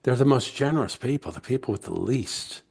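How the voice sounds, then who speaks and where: A man from the United States, a guest author, telling heartfelt stories slowly and reflectively in an interview. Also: mid-range voice, expressive, creaky, a little mellow, husky. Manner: heartfelt, emotional, slow and searching.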